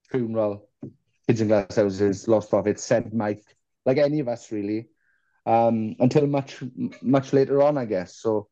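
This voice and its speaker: In a relaxed interview, a male musician guest tells rambling, self-deprecating stories with the occasional curse. The voice sits at medium pitch, mellow and dark, captured close and dry with a slightly muffled sound.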